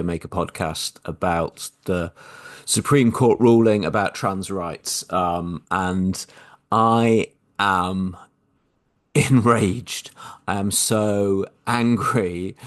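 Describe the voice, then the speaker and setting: A man talks in a very low, deep register. He is a minister recording a personal podcast reflection. His speech is heated but halting, and he keeps restarting his sentences. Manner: impassioned, halting, with many restarts.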